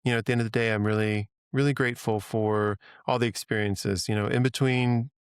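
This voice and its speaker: Casting: middle-aged man, smooth clear voice, dry close sound, earnest and chatty guest. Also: lowish voice, steady tone, brisk, no room sound. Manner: earnest, chatty, laughs easily. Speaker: podcast guest. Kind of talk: casual interview conversation.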